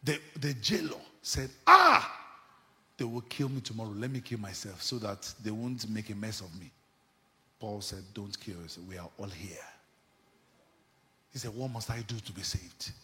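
A man preaching a sermon with fervor, swinging between sudden shouts and hushed asides. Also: lowish voice, normal speed, in a large hall. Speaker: pastor. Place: church.

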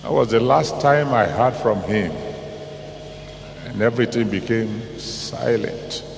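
A man preaching a dramatic sermon, dropping to low asides and rising to loud exclamations. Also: slow pace, vocal fry, a little hiss or hum. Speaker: pastor. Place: large church hall. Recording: echoey hall from a distance.

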